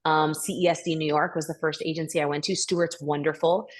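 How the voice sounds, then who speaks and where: A woman talks openly as a podcast guest, telling her story with animated energy. She slips into acted-out lines of dialogue as she retells events. Her voice sits a little low. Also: quick pace. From United States. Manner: candid, animated storyteller who acts out quoted dialogue. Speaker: guest voice actor. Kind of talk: casual chat.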